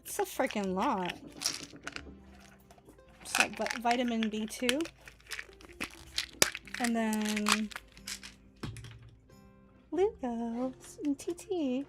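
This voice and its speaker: Chatty woman streamer, higher voice, laughs a lot, reads game text aloud, desk mic. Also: extremely slow, long pauses, over loud music. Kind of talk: casual gaming stream chat.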